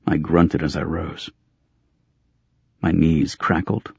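A very deep, husky male voice narrating a first-person audiobook in a dry, gritty way. The sound is close and dead, with no room around it. The recording is a little dull and muffled. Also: little pitch movement, slow pace, long pauses, a little mellow, no echo.

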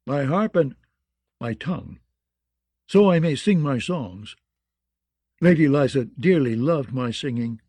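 A man's voice: medium pitch, lively intonation, a little slow, pauses often, dark tone, no room sound, studio quality. A man voicing a blind, disgraced male singer who pleads in a cracked, whispery voice. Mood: wistful. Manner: begging, lovesick confession.

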